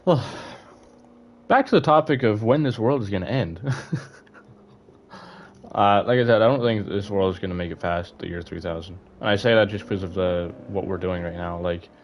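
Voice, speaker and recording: A man's voice: on the low side, normal speed, a little hiss or hum. A young man streaming, chatting casually to his viewers, rambling with lots of fillers and restarts. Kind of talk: casual live-stream chat.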